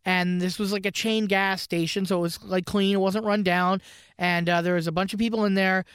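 A man's voice: sits high, fairly even intonation, fairly quick, a bit bright, smooth, no echo, clean studio sound. A Canadian man telling a rambling story in casual podcast chat, swearing freely.

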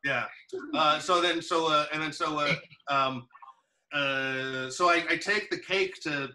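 A man's voice: on the high side, a little slow, sharp tone, distant mic, rough recording. A man chatting casually, telling a long anecdote with many fillers and restarts. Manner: rambling storyteller, many fillers. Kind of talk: casual chat.

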